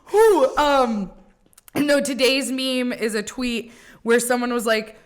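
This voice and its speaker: A woman's voice: on the high side, a little slow. A young woman co-hosting a podcast, telling rambling stories in casual chat, swearing and laughing often. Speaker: podcast co-host.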